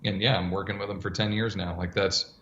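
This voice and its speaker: A man's voice: low voice, fairly quick, echoey room, dull audio, slight background noise. A man who coaches strength training for older adults, answering interview questions and acting out dialogue as he tells stories. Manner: animated storyteller, acts out dialogue.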